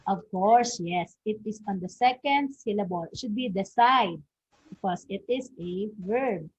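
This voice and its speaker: A woman's voice: mid-range voice, normal speed, mellow, husky. A woman teacher, giving a recorded English lesson, sprinkling "okay" throughout and quizzing her listeners. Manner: peppers sentences with "okay", quizzes listeners with questions. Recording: dull lo-fi recording.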